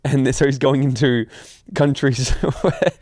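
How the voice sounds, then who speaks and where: A man's voice: mid-range voice, fairly even intonation, slow, darkish tone, no echo, studio quality. A male interviewer chiming in with short remarks and laughs. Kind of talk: casual interview reactions.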